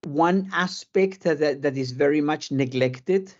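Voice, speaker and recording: Male surgeon guest, South American-British accent, halting and repetitive, dull lo-fi stream sound. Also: on the high side. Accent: South American mixed with British. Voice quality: halting, repeats words while searching. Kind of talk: live Q&A interview.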